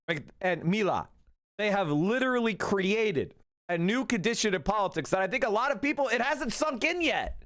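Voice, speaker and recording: A high-pitched man runs a political livestream, speaking casually and with plenty of swearing, animation, and rapid asides.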